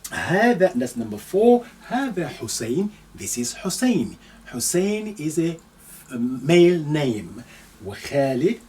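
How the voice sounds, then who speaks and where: A man's voice: medium pitch, a little mellow. A man teaching an Arabic lesson, patiently repeating each phrase and giving its translation. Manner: reads sample lines slowly for pronunciation. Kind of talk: recorded language lesson. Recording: voice picked up from a distance.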